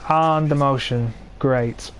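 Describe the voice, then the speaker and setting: A man's voice: medium pitch, steady tone, slow pace, slight background noise. An English man in his twenties giving live commentary on a tank game he is streaming, grumbling and sarcastic about his teammates, recorded on a cheap gaming mic. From England. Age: 20s.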